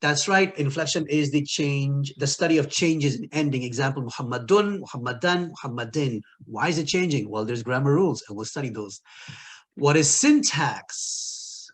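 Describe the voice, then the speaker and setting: Man, online lecture, linguistics teacher, mid-pitched, playful, laughs at own jokes. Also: fairly quick, few pauses, breathy edge. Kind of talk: recorded online lecture with quiz.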